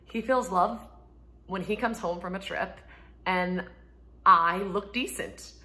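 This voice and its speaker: A woman in her thirties, a homeschooling mom, chatting casually to camera from home, laughing often and acting out quotes in a higher voice. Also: takes it slowly, bright, forceful tone. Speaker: homeschooling mom and ministry speaker.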